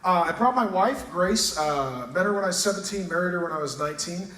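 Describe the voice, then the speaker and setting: Pastor in his thirties, quick comic anecdotes, high voice, far from the mic in a big echoing auditorium with noise. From United States. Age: 30s. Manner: joking, animated storytelling. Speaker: pastor, guest speaker. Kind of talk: on-stage interview. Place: large auditorium. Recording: roomy hall, picked up from far off, audible noise.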